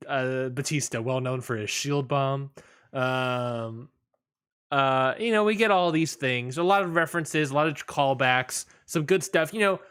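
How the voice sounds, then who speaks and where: Bright-voiced rambling male podcast host. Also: mid-range voice, smooth. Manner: rambling, lots of fillers and restarts, quick laughs. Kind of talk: casual wrestling podcast chat.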